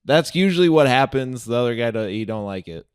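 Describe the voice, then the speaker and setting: A young man co-hosting a casual podcast, talking fast and excitably with lots of restarts. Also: medium pitch, clear, resonant tone, no echo, clean studio sound. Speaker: podcast co-host.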